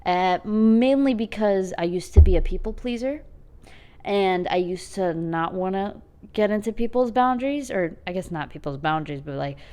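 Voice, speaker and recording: A young adult woman hosting her own podcast, talking alone in a chatty, self-mocking way with quick asides. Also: mid-range voice, a little mellow, clear, resonant tone. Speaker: podcast host. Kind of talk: casual solo podcast monologue.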